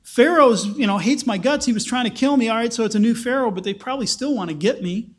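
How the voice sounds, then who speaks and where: A man's voice: extremely high pitch, quick pace. A man speaking as Moses in a Bible retelling, hesitant and pleading, stumbling over his words. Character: Moses, a reluctant, self-doubting grown man.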